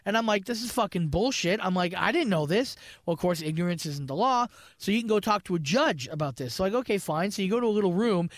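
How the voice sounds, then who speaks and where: High-voiced man telling profane stories. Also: lively intonation, quick pace, no room sound, studio quality. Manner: profane, storytelling, acts out quoted people. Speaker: podcast co-host. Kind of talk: casual chat.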